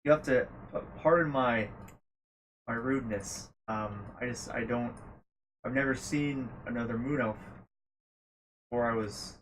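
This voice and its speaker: A man playing a flustered, halting young elf. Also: mid-range voice, a little hiss or hum, close to an everyday voice, rough recording. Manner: hesitant, halting, full of fillers. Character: shy young male moon elf adventurer.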